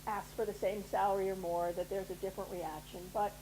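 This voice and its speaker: A woman's voice: medium pitch, flat delivery, a little fast, warm tone, slight background noise, low-quality recording. A middle-aged woman giving a motivational talk to an audience, persuasive and often checking in with "right?". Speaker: guest speaker at a women's leadership program.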